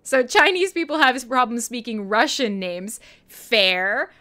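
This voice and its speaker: Canadian lady rambling on her livestream, bright voice, laughs a lot, pitch all over. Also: animated, a little slow. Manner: chatty, rambling, laughs often. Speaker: livestream radio host. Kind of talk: casual livestream chat, reading chat questions.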